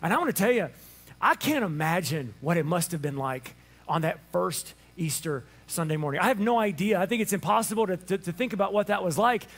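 A man preaching an Easter sermon as pastor, animated in his storytelling and acting out the voices of people in his stories. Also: high-pitched, fairly quick. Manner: animated storytelling, acts out dialogue.

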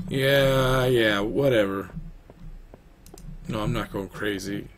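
A man's voice: medium pitch, steady tone, a little slow, pauses often, a bit bright. Chatty young man narrating a game. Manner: chatty, rambling, talks to his dog. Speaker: gaming YouTuber. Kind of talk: casual let's-play commentary.

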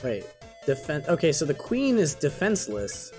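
A man giving let's play commentary, excitable and yelling out his reactions. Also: on the high side, normal speed, faint music behind. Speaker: gamer.

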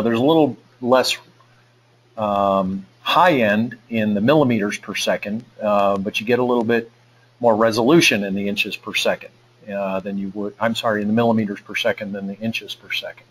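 A man's voice: lowish voice, slight background noise, rough recording. A man presenting a technical webinar, walking through a live demo in a casual way with lots of fillers and restarts. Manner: casual, thinks aloud with many fillers. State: out of breath.

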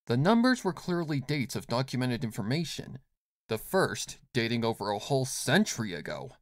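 Dude reading fanfic out loud, mid-pitched voice that moves around a lot, dry close sound. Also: male voice, dry recording. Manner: expressive, measured reading. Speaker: fanfiction reader. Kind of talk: story narration.

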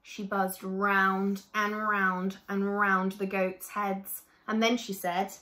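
Slow, gentle woman reading a children's story. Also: mid-range voice, echoey room. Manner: gentle, expressive, addresses children directly.

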